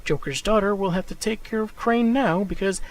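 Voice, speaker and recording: A man's voice: high voice, moderate pace, rough recording. A man recapping comic book issues in scripted narration, with dry, sarcastic asides.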